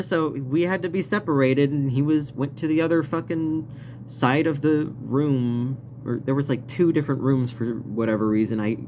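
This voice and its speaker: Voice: medium pitch, background noise. A vlogger telling a story in a casual, rambling rant, swearing often and laughing now and then. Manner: profane, rambling, frequent laughs.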